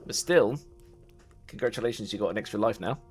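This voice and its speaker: Male dungeon master, low voice, loose chatty narration. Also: expressive, quick pace, husky, faint music behind. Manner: rambling, many fillers and restarts. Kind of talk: casual game narration.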